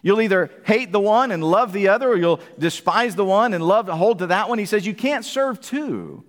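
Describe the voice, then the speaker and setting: Pastor guy preaching sunday morning, pretty high voice, big reverb from the hall. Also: a little fast. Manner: emphatic preaching, asks the congregation questions. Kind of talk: sermon.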